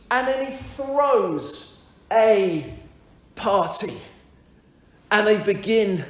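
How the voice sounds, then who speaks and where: Slow high-voiced preacher in an echoey church. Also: male voice. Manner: reflective, repeats key phrases, addresses listeners directly. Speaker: minister leading a church service. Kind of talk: sermon.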